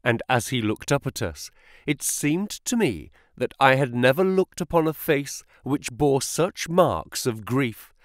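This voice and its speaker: A man's voice: mid-range voice, dry recording, studio quality. A man reading a classic detective story aloud as narrator, voicing each character. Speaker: audiobook narrator.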